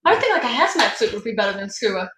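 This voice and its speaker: A woman in casual chat, measured and laughing often, playing the straight voice to her partner's jokes. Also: mid-range voice, big pitch swings, fairly bright tone, reverberant.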